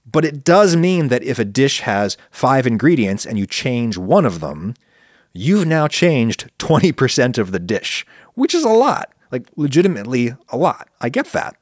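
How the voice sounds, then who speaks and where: A man hosting a podcast, making his case to listeners in an animated, argumentative monologue. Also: moderate pace, no room sound, studio quality. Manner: animated, argumentative, swings pitch for emphasis. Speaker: podcast host answering listener questions. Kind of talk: casual spoken monologue.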